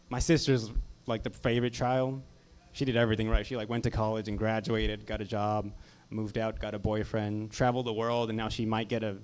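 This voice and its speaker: A man's voice: lowish voice, a little mellow. A man in his twenties doing a stand-up set on a comedy club stage, with a dry, self-deprecating delivery into a handheld mic. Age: 20s.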